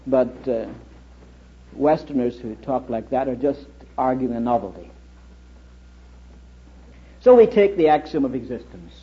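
A man's voice: medium pitch, animated, a little slow, long pauses, warm tone, a little hiss or hum. A middle-aged man giving a public lecture as a historian, telling stories and asking his audience rhetorical questions. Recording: dull lo-fi old recording.

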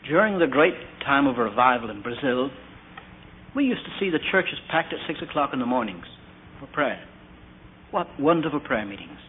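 A man preaches an earnest storytelling sermon full of anecdotes, putting questions to his listeners. His medium-pitched voice is very animated at a moderate pace, on a tinny lo-fi recording with faint hiss.

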